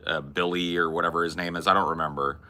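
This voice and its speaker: Deep-voiced man with a bright, forceful tone. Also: little pitch movement, fast. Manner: rambling, profane, blunt movie opinions. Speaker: podcast host. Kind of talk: casual chat.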